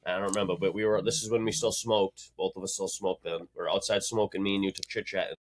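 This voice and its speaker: This podcast co-host speaks quickly in a low-pitched voice with fairly even intonation. He chats casually, wandering through long slangy anecdotes and dropping "dude" throughout.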